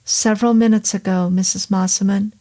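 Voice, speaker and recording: A woman reading as a halting, uneasy doctor. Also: high voice, steady tone, mellow, close to an everyday voice. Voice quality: hesitant, halting. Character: uneasy, apologetic male doctor, rambling. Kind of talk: audiobook character voice.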